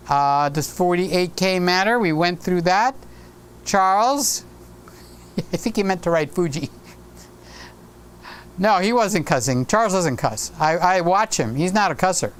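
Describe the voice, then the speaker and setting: A man's voice: high voice, animated, normal speed, clean tone. A man hosting a casual live stream, reading viewer comments aloud and joking along in a chatty way.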